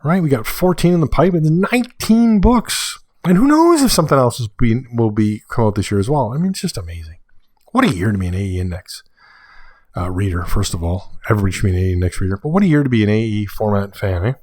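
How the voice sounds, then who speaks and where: A man hosting a casual solo podcast, chatty and rambling, correcting himself and getting excited in asides. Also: on the low side, fast talker, no room sound, clean studio sound. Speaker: podcast host.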